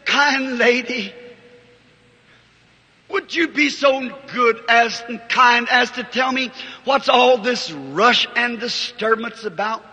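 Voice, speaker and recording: A man's voice: extremely high pitch, slow pace, bright, forceful tone, slightly rough, exaggerated voice. A man preaching voices an old blind beggar who pleads humbly and courteously. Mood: pleading. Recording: reverberant old hall recording.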